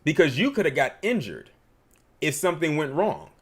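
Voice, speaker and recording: A man's voice: on the high side, huge pitch swings, moderate pace, husky. A man hosting a livestream, giving emphatic, opinionated commentary and reading super chats.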